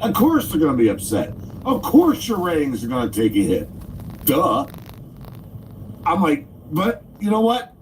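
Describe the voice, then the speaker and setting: A man's voice: fairly high pitch, huge pitch swings, normal speed, long pauses. A man hosting a casual livestream, ranting about delivery work and acting out both sides of phone calls. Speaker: livestream host and delivery driver. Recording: distant mic with loud background noise.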